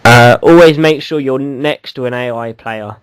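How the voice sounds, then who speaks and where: A man's voice: mid-range voice, moderate pace, clear, resonant tone, no room sound, rough recording. A man co-hosting a casual gaming podcast, rambling and teasing, with lots of ums and restarts. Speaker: podcast co-host.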